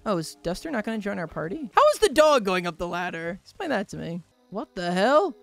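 Man, let's play commentary, animated, yelps and laughs, faint music. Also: high-pitched, a little fast, gravelly. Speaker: gaming YouTuber.

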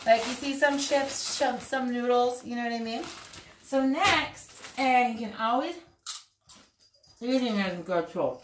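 A chatty woman gives a loose, rambling cooking walkthrough in her home kitchen, her slightly high voice bouncing off the walls. The recording is echoey, with loud background noise. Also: a little slow. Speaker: vlogger. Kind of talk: casual cooking tutorial.

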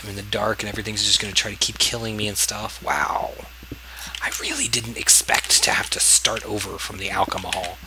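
A man's voice: on the low side, little pitch movement, brisk. Man rambling through a game, noisy track. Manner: rambling self-talk, yelps and exclaims when attacked. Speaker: gaming video host. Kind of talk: casual let's-play commentary.

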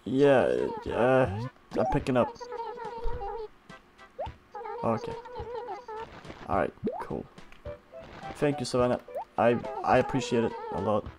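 A chatty male gamer narrates his play with loose, excitable energy, often swearing. His pitch jumps around a lot. Cheerful game music sits clearly under his voice. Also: slow, long pauses. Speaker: gaming streamer. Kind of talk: casual gameplay commentary.

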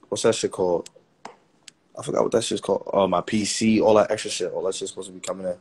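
A man's voice: low-pitched, a little mellow. A man in his twenties, chatting casually on a livestream and joking trash talk at his viewers. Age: 20s.

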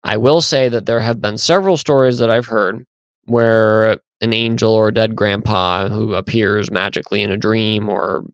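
Man rambling through stories on his podcast, smooth voice, dry dull sound. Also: lowish voice, no echo. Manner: conversational, rambling, with fillers and restarts. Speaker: podcast host. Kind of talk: casual storytelling monologue.

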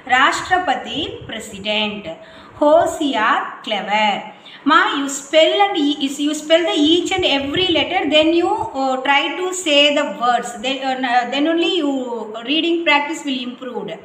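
A woman teacher, slowly drilling vocabulary word by word in a revision lesson. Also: sits high, expressive, a bit bright, slight background noise. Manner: slow, repetitive word-by-word drilling. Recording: echoey room with faint ambience.

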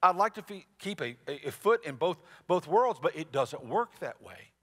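A man preaching a sermon as pastor, in a conversational, animated way with asides to the congregation. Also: fairly high pitch, normal speed, husky. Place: large church sanctuary. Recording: long reverb of a church hall.

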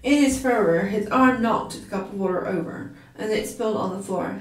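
A woman reading a chapter of a story aloud in a steady storybook style, now and then restarting a word. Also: mid-range voice, moderate pace, hardly any pauses. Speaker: story reader. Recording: roomy, from a distance.

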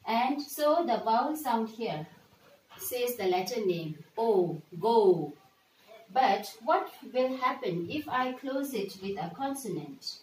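A woman teaches a lesson in a slow, deliberate way, repeating each word and checking in with "right?". Her voice sits somewhat high and comes from a bit away from the mic. The room is echoey, with faint ambient noise behind her. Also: animated, recorded from a distance. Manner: patient, repeats words slowly, frequent "right?" checks. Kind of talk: classroom lesson for children.

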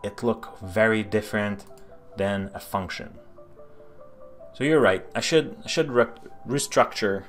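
A man's voice: fairly low pitch, unhurried, faint music behind. A man with a Quebecois French accent, live-streaming as he codes, thinking aloud and answering chat questions with lots of fillers and restarts. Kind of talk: casual live-stream chat while coding.

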